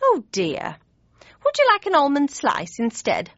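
Woman reading as a giggly fussy older mum, high fluttery voice, dry slightly dull sound. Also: huge pitch swings, a little slow, a bit bright, no room sound, exaggerated voice. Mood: fussy, kindly. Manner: high, fluttery, cheerful fussing. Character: fussy older mother, kindly and giggly, sorts everyone out. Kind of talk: audiobook character voice.

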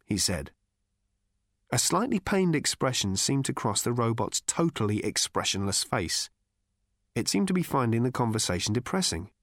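A man narrating a story in scripted audiobook style, with a dry, wry, measured delivery. His pitch moves a lot, rising and falling across phrases. The recording is dead and close, with no room sound. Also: sing-song, a bit bright, no echo.

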